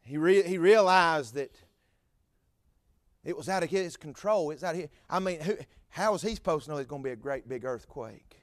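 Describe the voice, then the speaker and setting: A man's voice: fairly high pitch, lively intonation, normal speed, dry recording, studio quality. A man preaching a fervent sermon with repetitive phrasing and stammered fillers.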